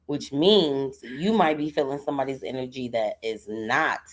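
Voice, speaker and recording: A woman co-hosting a podcast, talking in a relaxed, reflective way with folksy phrasing. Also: very deep voice, moderate pace. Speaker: podcast co-host. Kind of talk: casual chat.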